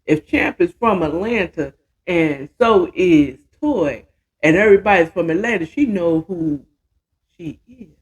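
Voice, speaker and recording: This is a podcast host telling a story in a relaxed, gossipy way. The pace is slow and drawn out, and the pitch sits in a middle range. They keep it casual and full of slang. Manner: chatty, slangy, voices the characters' lines.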